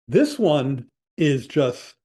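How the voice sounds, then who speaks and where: A man answers interview questions as an economics guest. He explains at a measured pace with a slightly wry edge. His voice is mellow and dark in tone. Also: fairly high pitch, sing-song, breathy edge.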